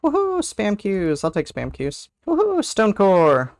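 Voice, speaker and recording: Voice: mid-range voice, a little slow, dry recording, studio quality. A livestream host chatting casually over online gameplay, teasing teammates, humming to themself and whooping at good moments. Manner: chatty, teasing, hums and sings to self, excited whoops.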